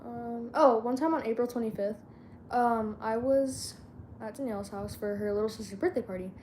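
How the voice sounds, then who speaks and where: A woman's voice: on the high side, normal speed, a little mellow, slight background noise. A teenage girl vlogging in a casual chat, rambling and slangy and often losing her train of thought.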